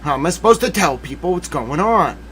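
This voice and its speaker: A man with a fairly high voice that leaps all over the place, hosting a legal commentary livestream. He rants in theatrical mock outrage, swinging between shouting and muttering, and throws in asides to himself. It sounds unscripted and talky. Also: very animated, a little fast, a little hiss or hum.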